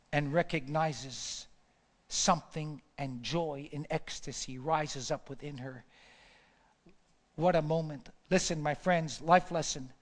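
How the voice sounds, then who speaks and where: A man preaches with a high, ringing voice. His phrases come back again and again for emphasis and rise to fervent peaks. The sound carries the long reverb of a large church hall. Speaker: pastor. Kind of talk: sermon.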